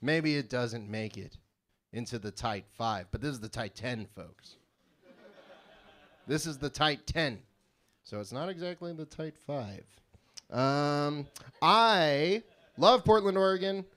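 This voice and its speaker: A young man from California doing a live stand-up set in a small venue, deadpan and prone to rambling digressions. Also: mid-range voice, measured pace, long pauses. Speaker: stand-up comedian.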